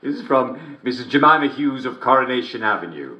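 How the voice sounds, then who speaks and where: An actor playing a gleeful, smugly cruel middle-aged English television host in a video game, who giggles constantly between lines. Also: male voice, mid-range voice, very animated, fairly quick, highs cut off, lightly acted. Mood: jovial, mocking. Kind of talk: video game character performance. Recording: roomy echo.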